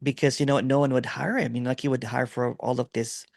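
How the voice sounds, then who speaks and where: A man's voice: mid-range voice, steady tone, fast talker, creaky, a little mellow, dry recording, studio quality. A middle-aged man from the Philippines with a Filipino accent, rambling through a story in casual video-call chat with lots of fillers and "right?". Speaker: host.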